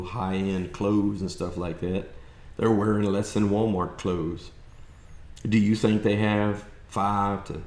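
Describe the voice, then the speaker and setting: Man, South Texas accent, low voice, blunt folksy rant, echoey room. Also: darkish tone. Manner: blunt, folksy, fired-up ranting with mocking quoted voices. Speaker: political commentator vlogger. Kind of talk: opinionated monologue.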